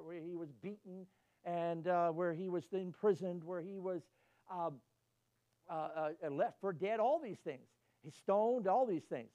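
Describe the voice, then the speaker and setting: High-voiced folksy preacher. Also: male voice, dark tone, poor audio. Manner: folksy storytelling, rising to emphatic peaks. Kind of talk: sermon.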